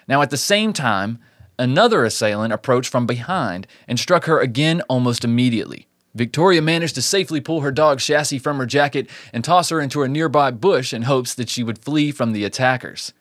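A man's voice: medium pitch, a bit bright, dry recording, clean studio sound. A man hosting a true crime podcast, reading the case and breaking off for joking asides. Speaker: podcast host.

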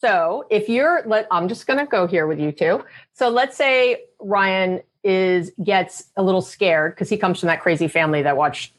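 A woman psychologist giving direct relationship advice on a podcast, animated, often acting out quoted voices. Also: medium pitch, moderate pace. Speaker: psychologist guest.

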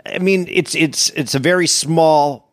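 A man's voice: fairly high pitch, measured pace, no room sound, studio quality. A man chatting casually about a movie, often repeating words and restarting his sentences.

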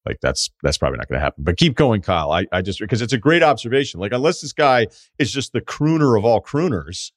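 A podcast host in his forties talks through a listener's problem in a blunt, emphatic, rambling way. His voice sits a bit low. The studio mic sounds dry and close. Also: lively intonation, brisk, dry recording. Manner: blunt, emphatic, conversational with many asides. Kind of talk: casual advice chat.

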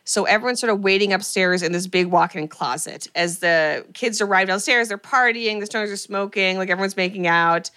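A woman's voice: medium pitch, fairly quick, few pauses, pushed and bright, clear, resonant tone. A woman hosting a podcast, casually retelling a film's plot in a chatty way with lots of fillers. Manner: chatty storyteller with many fillers. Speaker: podcast host.

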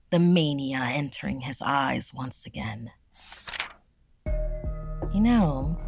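A woman's voice: low voice, gravelly. A woman narrating a horror story in a tense, dramatic storytelling manner.

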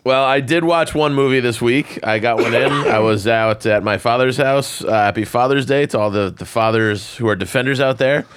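A man co-hosting a podcast, chatting casually in a relaxed, halting way with lots of fillers. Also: mid-range voice, smooth, no room sound. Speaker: podcast co-host. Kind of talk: casual chat.

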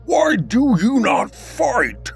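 A man voicing a taunting, furious male shadow jackal creature that snarls and shouts taunts. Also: extremely high pitch, wildly swooping pitch, drawn-out words, creaky, faint music behind, pitched above the performer's own voice, exaggerated voice.

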